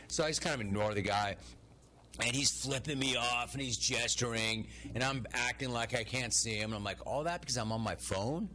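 A man's voice: mid-range voice, fairly quick, sharp tone, a little hiss or hum. A man hosting a talk radio show, ranting through stories and listener complaints and acting out the dialogue himself. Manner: ranting storyteller, acts out dialogue.

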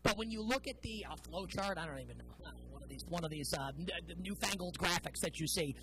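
A woman's voice: fairly low pitch, expressive, fast talker, over music, low-quality recording. A woman hosting a sports talk show, delivering an opinionated, sarcastic monologue with emphatic stresses.

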